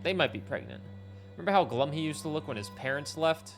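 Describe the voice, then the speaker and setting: Wry male streamer, slightly high voice. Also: lively intonation, fast talker, creaky, faint music behind. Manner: offhand, wry, swears casually. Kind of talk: casual gameplay commentary.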